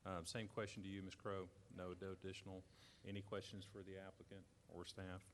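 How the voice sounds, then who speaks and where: Brisk low-voiced meeting chairman. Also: little pitch movement, a little hiss or hum. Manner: brisk, routine parliamentary phrasing. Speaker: board chairman. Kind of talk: formal meeting procedure. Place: community center gym.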